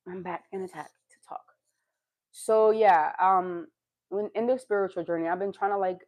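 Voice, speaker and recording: A woman's voice: fairly low pitch, a little mellow. A woman vlogging to her viewers in a rambling, confessional way, sighing, laughing and swearing now and then. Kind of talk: candid casual monologue.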